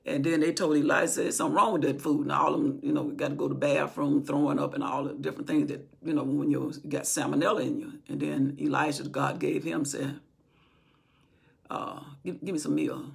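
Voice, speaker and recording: Speaking fairly quickly in a low, creaky, slightly rough voice with an even tone, a woman informally teaches a Bible story she knows by heart, voicing the lines of the people in it.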